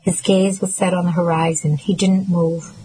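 Female narrator, low voice, soft measured emotional delivery for a first-person novel. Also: flat delivery, a little hiss or hum, low-quality recording. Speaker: audiobook narrator.

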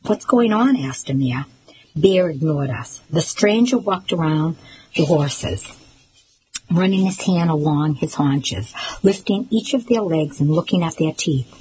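Woman, audiobook reader, fairly low voice, even, measured, faint hiss. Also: low-quality recording. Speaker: volunteer reader for a reading service. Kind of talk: audiobook reading.

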